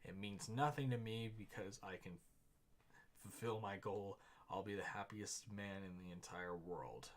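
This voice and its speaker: A man's voice: fairly low pitch, a little slow, close to an everyday voice. A man reading aloud the lines of a devoted, naive old man in love, in a plain reading voice. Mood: earnest.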